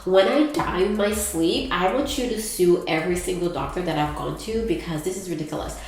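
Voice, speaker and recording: A woman's voice: lowish voice, fairly quick, a little mellow. A young woman with a congested, stuffy voice, chatting playfully with her viewers in a casual hair tutorial. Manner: playful, sassy asides to viewers. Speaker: hair vlogger.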